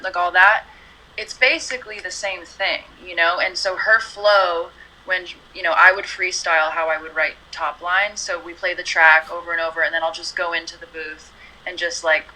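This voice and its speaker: Bright-voiced woman singer, chatty. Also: on the low side, moderate pace, a little hiss or hum, rough recording. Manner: relaxed, chatty, many "you know" and "like" fillers. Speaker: singer being interviewed. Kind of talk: casual interview chat.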